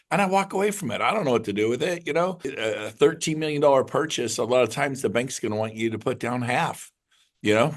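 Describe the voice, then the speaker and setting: A middle-aged man, a realtor, giving an excited, rambling motivational talk to his group. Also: medium pitch. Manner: excited, rambling, jumps between numbers. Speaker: realtor leading a mastermind call.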